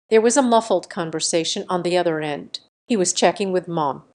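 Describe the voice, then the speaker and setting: A young adult woman giving first-person scripted narration of a family revenge story, in a tense, measured way. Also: on the low side, a little mellow.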